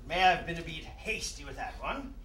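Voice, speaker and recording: A man's voice: fairly high pitch, animated, moderate pace, sharp tone. A man playing a hesitant, posh British prime minister in a sketch, recorded on an echoey stage from a distance. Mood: flustered.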